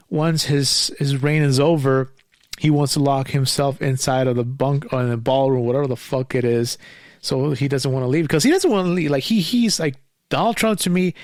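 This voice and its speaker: A man's voice: medium pitch, no room sound, clean studio sound. A man hosting his own show, ranting angrily in a casual, profane monologue full of restarts and fillers. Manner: angry, profane, rambling with many restarts and fillers. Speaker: podcast host.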